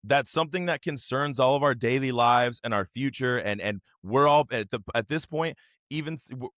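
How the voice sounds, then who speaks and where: A man's voice: medium pitch, moderate pace, a bit bright, dry recording, studio quality. A man hosting a podcast, ranting in casual chat with lots of filler words and swearing. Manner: rambling, profane, heavy use of "like". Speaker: podcast host.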